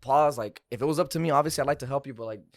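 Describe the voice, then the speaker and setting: A man's voice: mid-range voice, racing, dry recording, clean studio sound. A young man, a car salesman and podcast guest, telling a story in loose, profane casual chat. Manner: loose, profane, lots of fillers like "like" and "bro".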